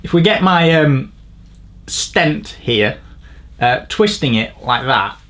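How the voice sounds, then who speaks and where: A man reviewing a bike frame in a crude, rambling, sardonic way, swearing freely and shifting between mumbled asides and louder rants. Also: lively intonation, slow, a little hiss or hum. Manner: swearing, rambling, sardonic, pitch jumps up when ranting. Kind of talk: crude comedic tech review.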